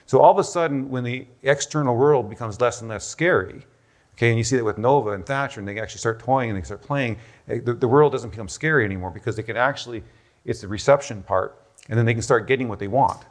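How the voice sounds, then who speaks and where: A man with a mid-range voice talks quickly as he lectures on a health topic from a stage, thinking aloud and often asking "okay?" He's a doctor presenting a health protocol in a busy room before a live audience.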